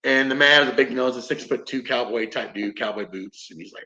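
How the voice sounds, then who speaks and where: A man's voice: medium pitch, fast, few pauses, bright, forceful tone. A man casually telling a paranormal investigation story, rambling, swearing freely and acting out what people said. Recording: roomy, dull lo-fi podcast audio.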